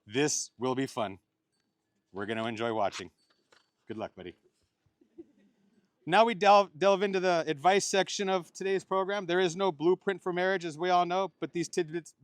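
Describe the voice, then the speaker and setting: A man's voice: fairly high pitch, no room sound. A middle-aged man officiating a wedding as the bride's uncle, mixing playful jokes with heartfelt advice. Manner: joking, playful asides between heartfelt advice. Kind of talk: wedding ceremony speech.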